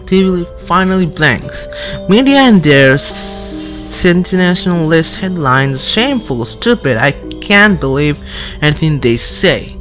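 Slow, halting man reading game text. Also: high-pitched, fairly bright tone. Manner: halting, restarts words while reading. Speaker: let's-play gamer.

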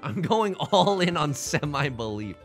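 A young man casually bantering on a livestream while playing mahjong, rambling and joking, with loud high outbursts. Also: sing-song, unhurried, faint music behind. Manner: rambling, jokey, bursts into loud high bits. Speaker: streamer playing online mahjong.

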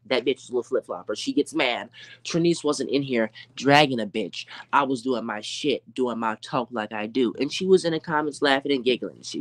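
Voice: medium pitch, no echo. Confrontational, profane commentary host, dry sound. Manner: confrontational, profane, rhetorical questions; slangy, drawn-out taunting. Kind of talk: live commentary rant.

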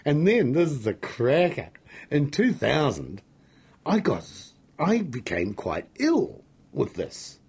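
Speaking slowly at medium pitch, a gravelly-voiced, husky middle-aged New Zealander tells animated stories as an interview guest. He's excitable, jokey, and prone to rambling.

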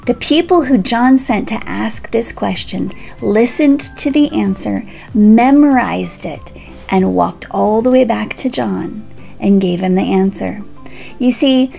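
A children's pastor, a woman with a slightly high voice and a gravelly edge, tells a Bible story at a slow, unhurried pace. She is animated and expressive, and she keeps turning to address the kids directly. Faint music plays softly behind her.

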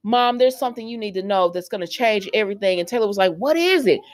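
Chatty woman recapping with sassy asides. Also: mid-range voice. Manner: chatty, retells scenes with quick quoted voices and sassy asides. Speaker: soap opera recap host. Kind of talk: casual spoken recap.

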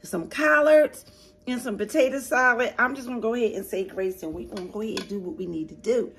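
A woman's voice: medium pitch, a little fast, a bit bright. A woman hosting an eating show, chatting with viewers in a casual, familiar way between bites. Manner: chatty, talks to viewers as y'all, eats between lines. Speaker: mukbang host.

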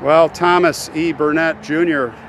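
A man's voice: fairly high pitch, steady tone, a little slow, a bit bright, a little hiss or hum. Earnest man speaking reverently outdoors. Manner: earnest and reverent, addressing viewers directly. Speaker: channel host visiting a grave. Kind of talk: emotional on-location vlog. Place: outdoors at a military cemetery.

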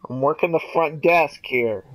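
A man's voice: a little high, normal speed, fairly bright tone, pitched below the performer's own voice, poor audio. A young man putting on the voice of a bored, mock-polite office receptionist as a joke in game voice chat. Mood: mock-official. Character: bored male office receptionist at a front desk. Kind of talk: joking role-play in voice chat.

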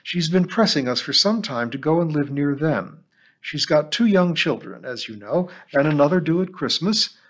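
A man's voice: on the high side, lively intonation, moderate pace, pitched above the performer's own voice. A man reading an audiobook and voicing a fretful, hesitant middle-aged woman teacher who is a grandmother. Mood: anxious.

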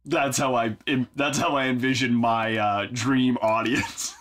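A man's voice: medium pitch, steady tone, a little slow, few pauses, a bit bright. A man hosting a songwriting vlog from his home studio, talking casually in a wry, self-mocking way as he thinks aloud while working. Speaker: songwriter and video host.

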